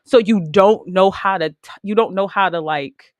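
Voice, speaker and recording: A woman hosting a podcast in casual chat, telling stories in a matter-of-fact, animated way. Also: medium pitch, normal speed, no echo. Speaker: podcast host.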